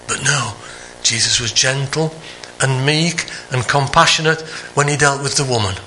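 A man preaching a sermon, earnest, climbing higher for emphasis and dropping soft on the quieter phrases. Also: normal speed, hardly any pauses, a little hiss or hum.

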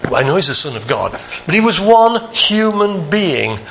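A man preaching a sermon, earnest, climbing higher for emphasis and dropping soft on the quieter phrases. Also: sing-song, moderate pace, a little hiss or hum.

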